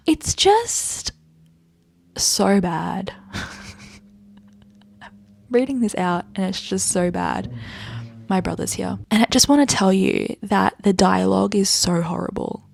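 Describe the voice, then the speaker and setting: A woman retells a book's plot for her vlog in a loose, exasperated, filler-heavy way. Her voice carries a gravelly fry at mid pitch. The recording is dry and close, with little room sound. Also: measured pace, a little mellow, no room sound. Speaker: book vlogger. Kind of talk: casual book recap.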